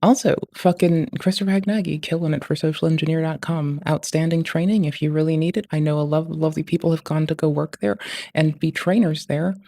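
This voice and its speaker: A man's voice: fairly high pitch, fairly even intonation, fairly quick, vocal fry, dark tone, no echo. A male streamer giving casual, blunt and critical commentary, swearing casually.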